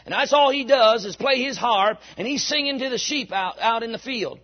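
A man's voice: very high voice, moderate pace, dull audio. A male preacher acting out a folksy father in a sermon, speaking in an offhand, drawling way. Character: folksy father offering his sons.

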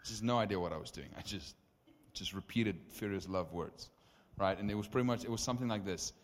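A young man preaching a testimony sermon, telling stories with lively acted-out dialogue. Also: on the low side, a little fast. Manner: animated, acts out dialogue in stories. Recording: long reverb of a hall.

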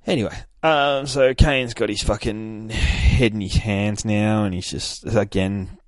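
Deep-voiced, sweary man recapping comics. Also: measured pace, no echo, clean studio sound. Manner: excitable, profane storytelling. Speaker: podcast host. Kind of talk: casual comic book recap.

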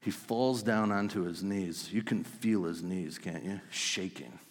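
Low-voiced guy preaching, gets loud then goes real quiet, echoey church hall. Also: measured pace. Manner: vivid storytelling, swings between loud and hushed. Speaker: pastor. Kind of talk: sermon.

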